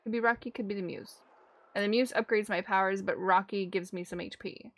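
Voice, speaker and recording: A woman's voice: mid-range voice, steady tone, brisk, no echo. A woman streaming a video game in casual chat, thinking aloud and reading out game text. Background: game music.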